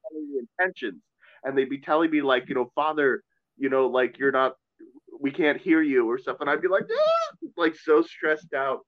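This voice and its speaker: A Catholic priest chats earnestly and at length on a podcast, talkative and self-deprecating in a casual way. His voice is mid-range, and the audio sounds dull.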